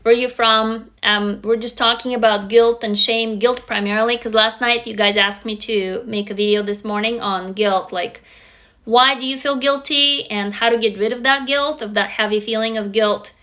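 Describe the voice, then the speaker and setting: A woman's voice: a little high, fairly even intonation, moderate pace, a bit bright. A woman whose first language is Russian, hosting a casual live stream from a phone, greeting viewers and swearing freely. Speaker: livestream host.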